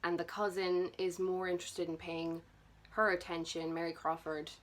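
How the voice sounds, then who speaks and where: A woman's voice: fairly low pitch, little pitch movement, normal speed. A young woman chatting nervously and self-consciously through her book collection for a vlog. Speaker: booktuber. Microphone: camera mic.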